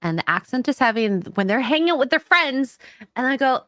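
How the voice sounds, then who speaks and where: Giggly bright-voiced Canadian woman host. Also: high-pitched, fairly quick, no echo, studio quality. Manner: giggly, animated, reacts with gasps. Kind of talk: casual livestream chat.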